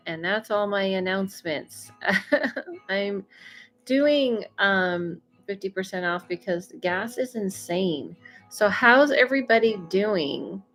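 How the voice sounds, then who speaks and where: A woman hosting a relaxed livestream as a psychic medium has a medium-pitched, fairly bright voice; she reads viewer comments and chats with lots of fillers and laughter. Broadcasting from home in Los Angeles, she sounds mildly congested from allergies, and music plays faintly.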